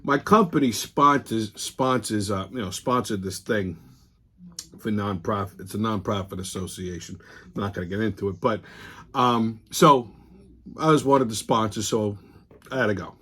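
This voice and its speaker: A man's voice: fairly low pitch, normal speed, a bit bright, husky. A man, hosting a casual monologue, telling blunt, profane stories full of quoted arguments. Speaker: host.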